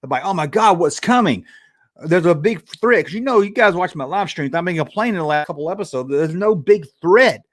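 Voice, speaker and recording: Rambling livestream host, talking to chat. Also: male voice, sits high, expressive, brisk, hardly any pauses. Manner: rambling, reading chat aloud. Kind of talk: casual livestream review chat.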